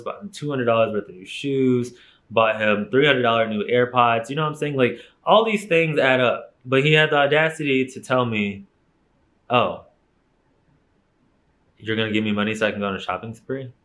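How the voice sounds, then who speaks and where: A man's voice: mid-range voice, normal speed, fairly bright tone. A young man telling a personal story straight to camera in a casual vlog, candid and emphatic, swearing freely. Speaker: YouTuber.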